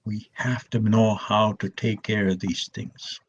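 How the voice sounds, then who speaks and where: An older man tells stories in a soft, slow voice that sits low and a little husky. He restarts and repeats himself often, speaking with the calm patience of an elder. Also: highs cut off. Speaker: elder storyteller. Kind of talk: gentle storytelling talk.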